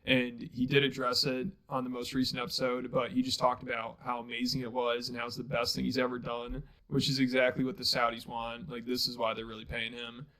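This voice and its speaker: A man's voice: medium pitch, completely flat delivery, fairly quick, hardly any pauses, sharp tone, low-quality recording. A man hosting an opinion commentary channel, blunt and critical. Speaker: channel host.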